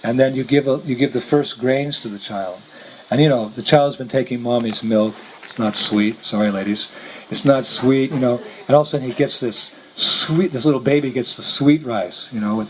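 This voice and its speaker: A visiting monk tells a story to a gathering, chuckling often as he goes. His mid-range voice moves at a moderate pace, captured in a noisy lecture recording.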